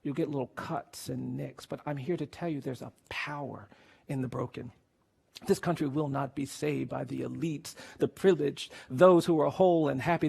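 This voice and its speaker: Male lawyer-speaker, fairly high voice with gravel, earnest and grave storytelling. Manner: earnest, grave, builds to quiet intensity. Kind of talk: emotional storytelling speech.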